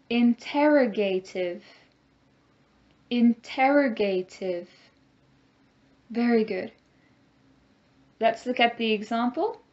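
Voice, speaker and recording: A woman teaching a grammar lesson, speaking slowly and clearly and having the class repeat words after her. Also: fairly high pitch, lo-fi sound. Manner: slow, clear teacher talk with call-and-repeat drills.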